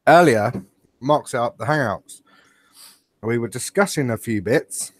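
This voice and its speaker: A man's voice: medium pitch, animated, unhurried, no echo. Chatty man, dry close sound. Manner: jokey, laughs often, rambling storyteller. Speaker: podcast co-host. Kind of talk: casual chat. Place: at home on an online call.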